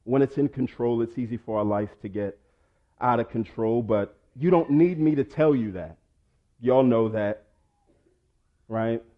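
A pastor preaching a sermon, swinging between loud urging and low quiet asides. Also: male voice, unhurried, long pauses, highs cut off.

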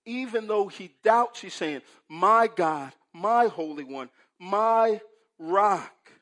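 High-voiced preacher, slow and dynamic. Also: male voice, lively intonation. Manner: dynamic preaching, swinging from hushed to loud; asks the congregation "right?" often. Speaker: pastor. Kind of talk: sermon.

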